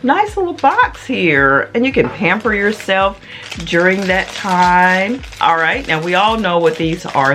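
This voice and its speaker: A woman's voice: deep voice, a bit bright, slight background noise. A middle-aged woman in a casual unboxing vlog, chatty and playful, calling her viewers honey and y'all. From Memphis, Tennessee area. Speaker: vlogger.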